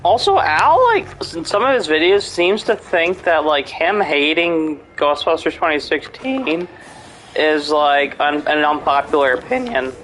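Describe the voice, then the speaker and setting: A man's voice: a little high, expressive, measured pace, a bit bright, a little hiss or hum, rough recording. A man in casual chat, rambling and swearing a lot, with many fillers and restarts. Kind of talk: casual chat about horror movies.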